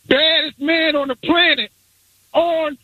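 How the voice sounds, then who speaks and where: A male caller on a sports radio show, excited and rambling, repeating himself as he talks. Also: very high voice, takes it slowly, dry recording, narrow, tinny audio. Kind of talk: phone-in call.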